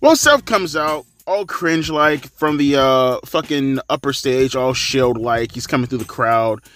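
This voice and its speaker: A man's voice: medium pitch, lively intonation, unhurried, a bit bright, faint music behind. A man in his thirties giving sarcastic, profanity-laced wrestling commentary in a ranting style. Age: 30s.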